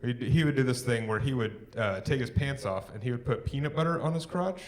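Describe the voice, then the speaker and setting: A young man doing a live stand-up set on a theatre stage, working the crowd with dry one-liners and pausing for laughs. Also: medium pitch. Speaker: stand-up comedian. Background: crowd laughing and clapping.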